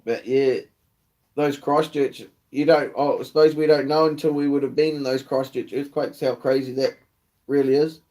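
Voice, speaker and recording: A man's voice: mid-range voice, fairly even intonation, moderate pace, dark tone. Laid-back New Zealand man chatting live. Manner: casual and swearing, slangy with mate and bro. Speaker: livestream host. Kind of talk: casual live chat.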